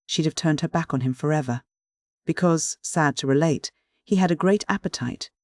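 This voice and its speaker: A man narrates a classic novel in an even, clear storytelling voice. His pitch sits somewhat high for a man, and the close studio recording is dry, with no room echo. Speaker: audiobook narrator. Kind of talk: scripted first-person narration of a novel.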